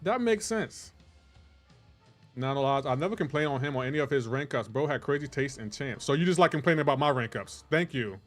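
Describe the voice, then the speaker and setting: A male game streamer bantering with his chat in a loose, teasing way, feigning offense for laughs. His voice sits at a middling pitch, and faint music plays softly behind him. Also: fast, hardly any pauses. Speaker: livestream gamer. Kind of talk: casual chat with live chat viewers.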